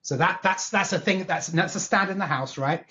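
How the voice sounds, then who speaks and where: A man's voice: high voice, normal speed, pushed and bright. A man from Northwest London, chatting as a podcast guest in a chatty, self-deprecating way. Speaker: guest, product management lead. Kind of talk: casual podcast conversation. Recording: slightly dull lo-fi sound.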